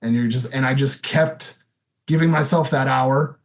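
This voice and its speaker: A man's voice: mid-range voice, steady tone, moderate pace. A man in his thirties telling his own story as a podcast guest, candid and loose, full of "you know" and "like". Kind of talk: casual interview storytelling.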